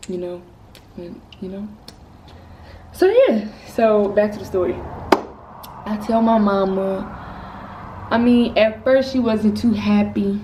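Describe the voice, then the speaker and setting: A woman's voice: mid-range voice, animated, takes it slowly, long pauses, mellow. Teen girl telling a candid story. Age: teens. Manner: casual, rambling, candid. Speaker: vlogger. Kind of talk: storytime vlog. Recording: slightly distant mic with faint noise.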